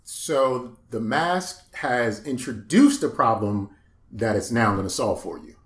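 A man co-hosting a casual podcast chat, relaxed and agreeable, chiming in with short replies. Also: medium pitch, slow, reverberant, a little hiss or hum. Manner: laid-back, agreeable, chiming in. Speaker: podcast co-host.

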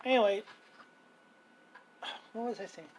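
A man's voice: high-pitched, unhurried, a little hiss or hum, rough recording. A man telling a rambling story in casual chat at home, acting out the people he quotes with mocking voices. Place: home kitchen.

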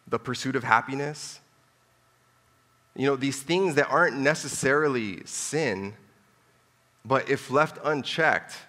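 A man's voice: mid-range voice, fairly bright tone, in a large hall. A man preaching a sermon in a conversational way, with joking asides and lines repeated for emphasis.

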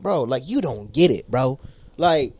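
A man telling a story in casual chat, animated and swearing, acting out the people in it. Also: mid-range voice, unhurried. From South Carolina. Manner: animated, swearing, mimics people in his stories.

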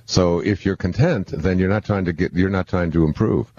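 A guest speaker on spiritual living reflects on spiritual ideas conversationally, thinking aloud into a handheld microphone with halting speech, many restarts, and repeated words. His voice is low with a darkish tone, the highs are cut off, and there is slight background noise.

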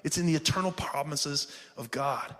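Fairly high-pitched and fairly bright, a pastor's voice moves at a moderate pace through an impassioned sermon. He addresses the congregation directly, says "man" often, and the hall's reverb is audible.

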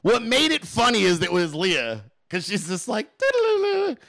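A man's voice: moderate pace, vocal fry. A middle-aged man hosting his own podcast, telling a story in a loose, profane way and then ranting, with mimicked voices thrown in. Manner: animated, profane, mimics others in high voices. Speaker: podcast host. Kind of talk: casual storytelling and political rant.

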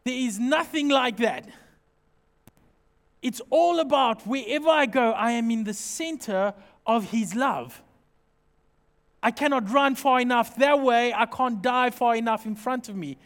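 A man preaching a sermon as pastor, animated and jokey, acting out small everyday scenes as he talks. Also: extremely high pitch, a little slow, long reverb tail.

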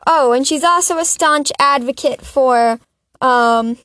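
High-voiced woman ranting on her podcast. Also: slow pace, a bit bright, no room sound. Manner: impassioned, exasperated ranting; chatty and self-mocking. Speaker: podcast host. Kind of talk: solo political commentary podcast.

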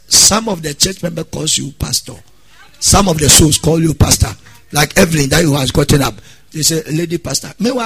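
Male pastor, sermon, husky and bright, loud sung-out preaching. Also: sits high. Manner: preaching with sudden loud exhortations and sung phrases.

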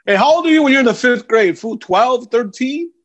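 A young man telling a story on a casual podcast, animated and slangy, always saying "bro". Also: extremely high pitch, brisk. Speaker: podcast guest. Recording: dull lo-fi sound.

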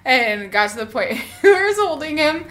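A woman's voice: high voice, animated, moderate pace, sharp tone. Giggly woman in her thirties. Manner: giggly, playful, laughs often. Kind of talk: casual chat.

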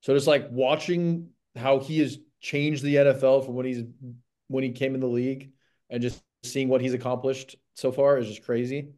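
A man's voice: mid-range voice, fairly even intonation, normal speed, a little mellow. A young man co-hosting a casual sports podcast, laid-back with frequent ums. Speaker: podcast co-host. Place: home.

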